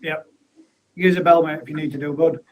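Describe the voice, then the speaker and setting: Here the same sort of host, a man still getting over an illness, runs a relaxed live pond chat stream and reads out viewer comments, chatty and laddish, with plenty of mate and bud. He talks quickly at a fairly high, fairly even pitch. Audio quality is poor, and faint background noise lingers.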